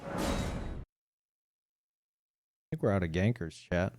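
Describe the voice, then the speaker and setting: A man's voice: sits low, animated, takes it slowly, over music. A man from Louisiana chatting casually on a live stream, rambling and swearing, with many restarts.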